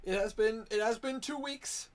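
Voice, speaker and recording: A man's voice: very high-pitched, moderate pace. A man running an online tabletop game over a voice call, chatting with his players and then recapping the story, laughing often and restarting phrases. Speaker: game master. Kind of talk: casual chat and recap narration of a tabletop game.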